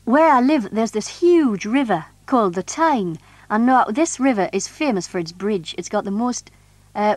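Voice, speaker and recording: A woman with a Geordie accent chatting about her home town, often saying "you know" and pausing with uh. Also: mid-range voice, darkish tone, no echo. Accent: Geordie (Tyneside). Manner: chatty, frequent "you know", some hesitation. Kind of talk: unscripted spoken description.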